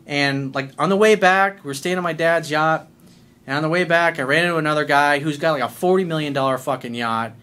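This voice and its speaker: A man's voice: a little high, fairly quick, sharp tone, smooth. Brash, profane man ranting straight to camera. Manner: profane, confrontational, emphatic. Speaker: life coach. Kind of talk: blunt video monologue.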